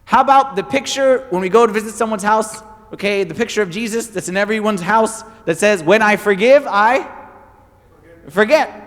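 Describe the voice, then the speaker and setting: A man preaching a sermon as pastor, telling stories with animated, emphatic repetition. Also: high-pitched, moderate pace, in a large hall.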